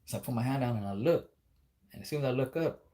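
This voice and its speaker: A man's voice: medium pitch, lively intonation, fast, noisy background. A man telling a spooky story in a casual, rambling, profane way, acting out the dialogue as he goes.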